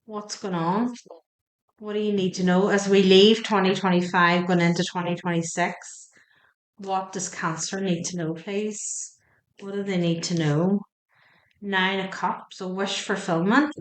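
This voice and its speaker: Slow, chatty woman reading tarot. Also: mid-range voice, flat delivery, echoey room. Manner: chatty and emotional, asking the cards questions aloud. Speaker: tarot reader. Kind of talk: spoken tarot card reading.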